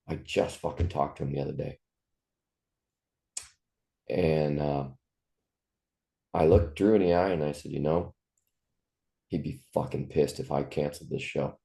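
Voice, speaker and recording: A man's voice: extremely low pitch, vocal fry, warm tone. A man in his fifties, a musician telling personal stories in an interview, speaking in a raw, profane and heartfelt way. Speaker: musician guest. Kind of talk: candid interview storytelling.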